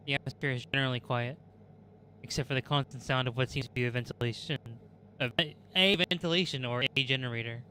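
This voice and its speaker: A man on a stream reading the text of a horror game aloud, brisk, with small restarts. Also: mid-range voice, pushed and bright, slight background noise, low-quality recording. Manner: brisk, reads with restarts and jokes.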